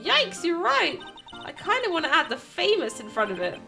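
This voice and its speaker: A woman's voice: very high-pitched, big pitch swings, moderate pace, vocal fry, over music, voice pushed up, full character voice. A woman voicing a perky, teasing young woman with a bouncy delivery. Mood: playful.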